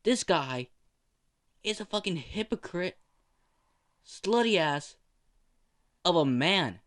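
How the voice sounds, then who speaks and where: A man's voice: fairly high pitch, big pitch swings, slow, heavily acted. A man voicing a foul-mouthed, furious young female nurse in a spoken fan story. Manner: foul-mouthed, shouting, exasperated.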